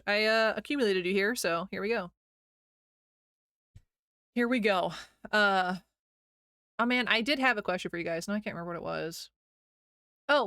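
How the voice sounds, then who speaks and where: A woman's voice: medium pitch, bright, forceful tone, no echo, studio quality. A young woman from Missouri with a slight Missouri accent, chatting casually with her stream chat, rambling and giggly.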